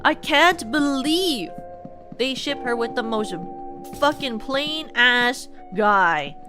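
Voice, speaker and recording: A woman's voice: high-pitched, expressive, takes it slowly. A young woman streaming a game, ranting casually and swearing a lot. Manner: profane, ranting, exasperated. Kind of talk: casual gameplay rant. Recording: game music behind.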